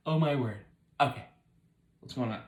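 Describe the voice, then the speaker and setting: A man's voice: mid-range voice, moderate pace, echoey room, poor audio. A man in a casual home video, telling a Bible story to a small child from her bed in an encouraging, playful way. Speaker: parent hosting a home video with his child.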